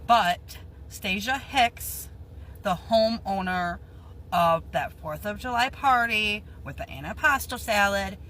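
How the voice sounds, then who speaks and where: A woman speaking straight to camera in a clip, emphatic and deliberate as she states her position. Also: mid-range voice, expressive, pushed and bright, a little hiss or hum, poor audio. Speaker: social media poster. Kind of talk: direct-to-camera video.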